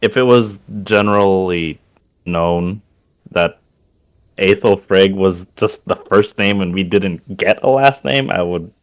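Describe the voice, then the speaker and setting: Slow, low-voiced hesitant man. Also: smooth. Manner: hesitant and rambling, with many fillers. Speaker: player. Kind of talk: casual tabletop game chat.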